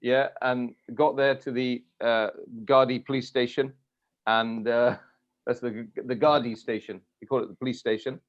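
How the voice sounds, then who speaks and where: A man hosting an interview, telling an animated personal story in a casual, chatty way. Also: mid-range voice, normal speed. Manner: animated anecdotal storyteller, laughs often. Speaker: host. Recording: dull lo-fi audio.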